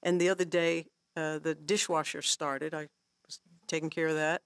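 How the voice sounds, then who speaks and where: A woman guest teaching songwriting in a casual workshop talk, animated and laughing often, acting out her own inner thoughts as she tells stories. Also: low voice, normal speed, no room sound. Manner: laughs often while explaining.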